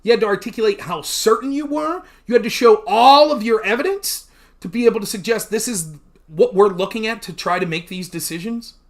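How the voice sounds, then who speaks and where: A man hosting a livestream, talking casually in a blunt, profane rant and pausing to thank chat viewers. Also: high-pitched. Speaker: livestream host.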